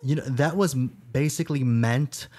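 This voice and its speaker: A man's voice: mid-range voice, moderate pace, mellow. A man co-hosting a casual horror podcast, rambling with lots of fillers. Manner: rambling, full of "you know" and "uh" fillers. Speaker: podcast co-host.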